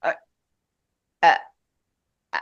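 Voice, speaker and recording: A middle-aged actress, appearing as a guest in an interview chat, speaks emotionally and haltingly, restarting often. Her female voice comes through on dull audio.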